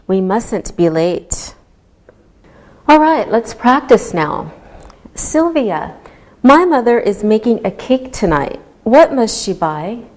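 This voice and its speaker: A woman teaching an English grammar lesson, speaking clearly and deliberately to her students. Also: a little high, sing-song, a little mellow. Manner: slow, clearly enunciated teaching voice. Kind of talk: slow classroom instruction.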